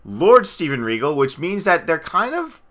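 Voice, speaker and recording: A man co-hosting a casual podcast chat, rambling excitably with frequent asides. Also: a little high, normal speed. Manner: rambling, excitable, slips into goofy impressions. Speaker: podcast co-host.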